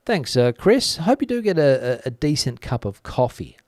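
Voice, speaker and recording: A man hosting a live stream, casually reading out viewer comments and greeting people by name, with frequent pauses and fillers. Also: mid-range voice, sing-song, darkish tone, dry recording, clean studio sound. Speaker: channel host.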